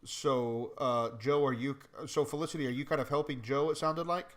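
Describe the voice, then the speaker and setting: A man running a tabletop game as game master, explaining rules in a relaxed way with many hesitations. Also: medium pitch, moderate pace.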